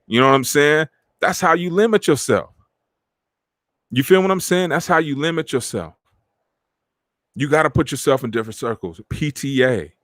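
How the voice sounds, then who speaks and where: A middle-aged man hosting a podcast, talking in animated street slang and acting out the friends he quotes. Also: medium pitch, brisk, pauses often, no echo. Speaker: podcast host. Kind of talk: casual motivational talk.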